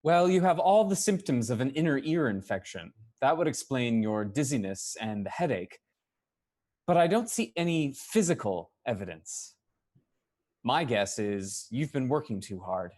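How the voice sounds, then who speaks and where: A man plays a calm and observant woman ship's doctor in an amateur audio drama reading. Her gentle, conversational voice rises and falls with lively movement. It sits at an everyday pitch. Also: moderate pace, natural voice.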